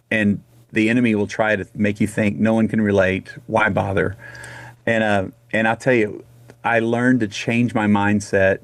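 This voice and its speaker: A middle-aged man from Texas telling a personal story in a casual radio interview, animated and full of restarts. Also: on the low side, gravelly, no echo. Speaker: guest singer.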